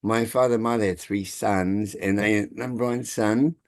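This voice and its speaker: A man, telling a family story over a video call in halting, chuckling speech. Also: fairly low pitch, steady tone, dry recording, clean studio sound. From Taiwan. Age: 60s. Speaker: congregation member sharing gratitude. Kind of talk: casual storytelling.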